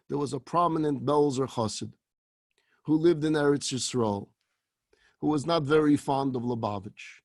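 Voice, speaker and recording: A middle-aged man, a rabbi, telling a story in a lecture, animated and acting out the dialogue. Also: medium pitch, normal speed, dry recording.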